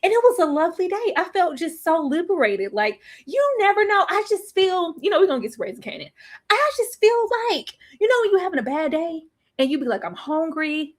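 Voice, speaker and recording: A young woman chats casually to her live audience, laughing often and drawing out her phrases. Her voice sits high and swings widely in pitch, bouncing up with every joke. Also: big pitch swings, brisk. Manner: chatty, laughs often, drawls phrases, slips into playful quoted voices. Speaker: TV recap vlogger.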